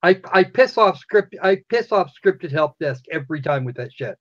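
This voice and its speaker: A man's voice: fairly high pitch, animated, normal speed, muffled recording. A man in casual live chat, sarcastic and swearing freely while telling stories.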